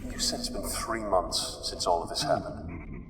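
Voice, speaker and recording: A man's voice: sits low, unhurried, very noisy. An actor playing a worried male castaway on a derelict ship, asking anxious questions.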